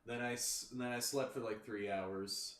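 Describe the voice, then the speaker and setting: A man's voice: mid-range voice, fairly even intonation, a little slow, fairly bright tone. A man chatting casually as a podcast host, telling a rambling story full of restarts and "you know". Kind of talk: casual chat. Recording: roomy, distant mic, faint background noise.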